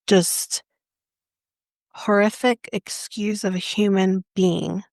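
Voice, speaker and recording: A woman's voice: medium pitch, fairly even intonation, slow pace, creaky, a little mellow, no room sound, clean studio sound. A Canadian woman co-hosting a podcast, retelling a story in casual chat in an indignant, impassioned and blunt way. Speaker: podcast co-host.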